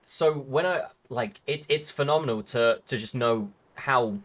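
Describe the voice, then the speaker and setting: A man's voice: medium pitch, unhurried, fairly bright tone. A young man hosting a stream interview, joking, profane and rambling in casual chat. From Britain. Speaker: stream host.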